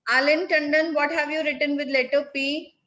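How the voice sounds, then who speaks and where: A woman's voice: high voice, fairly even intonation, normal speed, sharp tone, lo-fi sound. A woman teaching a French class over a video call, calling on students by name and repeating their answers.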